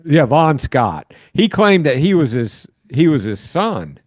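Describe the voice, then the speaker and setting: A man's voice: a little high, sing-song, slow pace, darkish tone, no echo, clean studio sound. A man hosting a podcast in casual chat, folksy and chiming in with short reactions. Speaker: podcast host.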